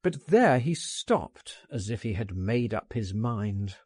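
A man narrating a first-person audiobook, reading in an urgent, coaxing manner with lively emphasis. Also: fairly low pitch, slow pace, few pauses, husky, no room sound, clean studio sound.

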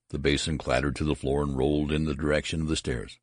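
A man narrating a story as an audiobook reading, with dramatic, expressive delivery. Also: extremely low pitch, fast talker, dry recording, clean studio sound.

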